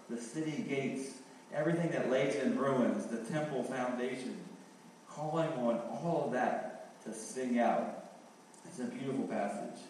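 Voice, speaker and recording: A man's voice: medium pitch, a little mellow, slight background noise. A man preaching a sermon in an earnest way, repeating key phrases and thinking aloud with fillers. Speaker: pastor. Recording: very echoey hall, heard from a distance.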